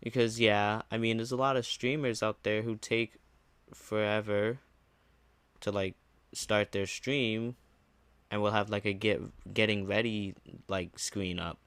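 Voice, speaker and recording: A man's voice: lowish voice, fairly even intonation, a little slow, fairly bright tone, clean tone, no room sound. A young man streamer telling a casual storytime, ranting with sarcastic, mocking retorts. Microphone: low-gain desk mic.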